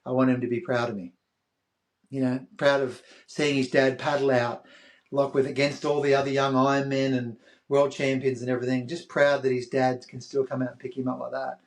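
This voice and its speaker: A man's voice: medium pitch, fairly quick. An Australian man in his fifties, a podcast guest telling a story with animation and acting out the voices of others. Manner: animated, acts out quoted voices. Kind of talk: interview storytelling.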